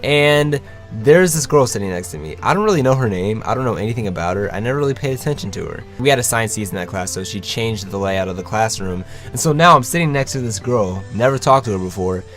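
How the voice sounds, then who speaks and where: A young man tells a story to his viewers in a casual, lively way, jumping into other people's voices as he goes. His pitch holds to the middle of the male range, and he swears freely. Faint music plays behind him. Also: quick pace. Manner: animated, swears freely, acts out quotes. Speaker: vlogger.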